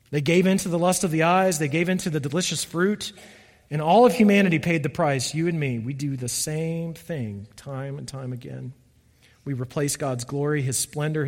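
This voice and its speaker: A middle-aged man preaching a sermon earnestly, often dropping to soft, emphatic lows. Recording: long reverb of a church hall.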